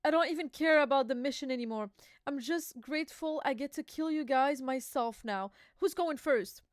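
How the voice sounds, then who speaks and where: A woman reading out a cruel, gloating male villain from a comic in her own high voice. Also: normal speed, no room sound, studio quality, close to an everyday voice.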